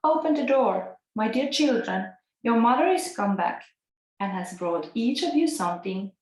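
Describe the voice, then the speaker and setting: A woman's voice: fairly high pitch, animated, moderate pace, darkish tone, natural voice. A woman reading out the part of a sly male wolf in disguise from a storybook, with a Finnish accent tinged with Italian. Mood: coaxing. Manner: read aloud plainly from a storybook. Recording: echoey room.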